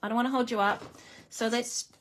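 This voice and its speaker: A woman's voice: on the high side, steady tone, fairly quick, fairly bright tone, a little hiss or hum. A woman hosting a live card-making stream, chatting casually and laughing at herself while she works. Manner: chatty, self-deprecating, talks to viewers while working. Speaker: crafting live stream host. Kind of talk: casual live crafting demo.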